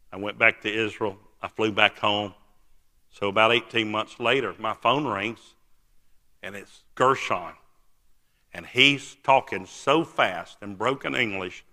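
A man's voice: fairly low pitch, a little slow, long pauses, bright, forceful tone. A man preaching a sermon, telling a story in an emphatic, folksy way. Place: church sanctuary. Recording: long church hall reverb.

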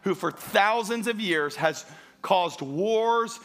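Emphatic preacher with a bright voice. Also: male voice, high voice, slow pace, soft background music. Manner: emphatic, call-and-response preaching. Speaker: pastor. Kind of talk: sermon. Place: church sanctuary.

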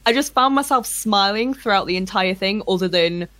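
A woman chatting casually on a podcast, lively and candid, swearing casually. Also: mid-range voice, normal speed, no room sound. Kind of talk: casual chat.

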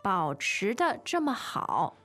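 A woman's voice: medium pitch, very animated, slow, fairly bright tone. A woman teaching on a bilingual language podcast in a studio. She agrees readily and explains meanings patiently, with faint music underneath. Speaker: Mandarin teacher, co-host.

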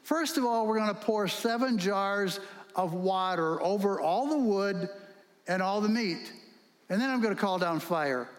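Brief: bold, swaggering male prophet, put on by a high-voiced preacher, hall reverb. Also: lively intonation, measured pace. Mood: confident. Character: confident male prophet issuing a challenge.

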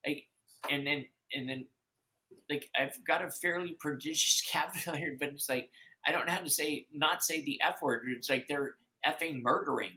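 A man speaking as an interview guest, rambling and halting with many fillers and restarts. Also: a little high, sharp tone, rough recording. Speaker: podcast guest. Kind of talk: emotional conversational interview.

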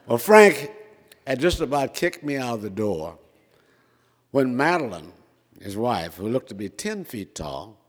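A man's voice: mid-range voice, very animated, a little slow, pauses often. An older man from Minnesota telling a self-mocking personal story, chatty with frequent fillers. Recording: reverberant hall.

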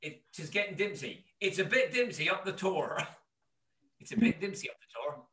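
A man's voice: high voice, big pitch swings, moderate pace, fairly bright tone, far from the mic. A man in casual chat, joking and teasing, laughing often. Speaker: guest. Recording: roomy sound, away from the mic.

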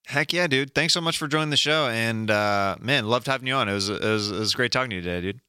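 A man's voice: medium pitch, quick pace, bright, forceful tone, clear, resonant tone, dry recording, studio quality. A young adult man hosting a podcast in casual chat, laid-back and full of fillers, often saying dude. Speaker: podcast host.

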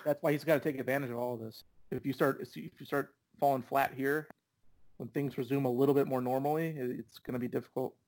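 A man's voice: medium pitch, steady tone, quick pace, darkish tone. Easygoing man co-hosting a soccer podcast. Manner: easygoing, agreeable, many fillers. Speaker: podcast co-host. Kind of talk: casual soccer chat.

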